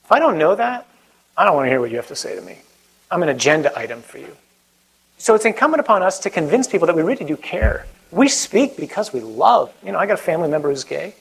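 A man speaking as a priest, giving an animated talk and then leading a prayer, acting out quoted voices as he goes. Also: fairly high pitch, fast talker, vocal fry, breathy edge, rough recording.

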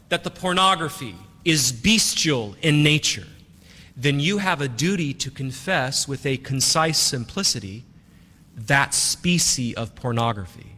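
Emphatic priest preaching in a reverberant hall. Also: male voice, fairly high pitch, sharp tone. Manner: emphatic, repeats key phrases. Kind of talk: sermon.

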